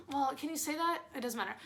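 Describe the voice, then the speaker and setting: A young woman from Missouri, not yet twenty-one, tells a casual storytime to camera in a high, bright voice. She is candid and self-mocking and drops swear words freely. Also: fairly quick. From Springfield, Missouri. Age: young adult, under twenty-one. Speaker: vlogger.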